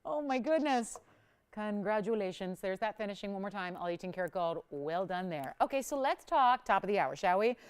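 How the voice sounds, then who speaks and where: A woman hosting a live jewelry shopping show, pitching with energy and counting prices down urgently. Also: brisk, hardly any pauses, smooth. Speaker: shopping channel host. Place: studio.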